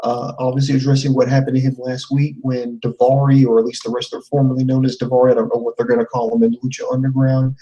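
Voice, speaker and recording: Rambling male co-host, mellow tone. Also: medium pitch, flat delivery, quick pace, few pauses, distant mic, dull audio. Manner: rambling, heavy on "you know" fillers. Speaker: podcast co-host. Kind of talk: casual review chat.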